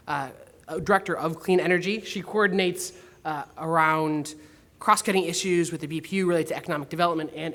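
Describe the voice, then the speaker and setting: A man moderating a conference panel, introducing the speakers in a chatty, halting way. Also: a little high, fairly bright tone. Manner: chatty, halting with fillers and restarts.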